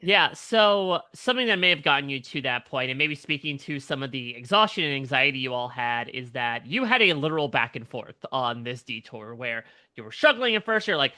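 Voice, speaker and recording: Bright-voiced male interviewer. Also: mid-range voice, animated, a little fast, few pauses. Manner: conversational, recapping events with many fillers. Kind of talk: entertainment interview.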